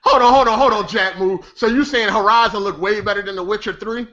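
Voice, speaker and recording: A man's voice: sits high, fairly quick, sharp tone. A man in a heated casual debate who keeps cutting in, repeats himself and swears freely. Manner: interrupts, repeats "hold on", profane. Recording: slightly dull lo-fi audio.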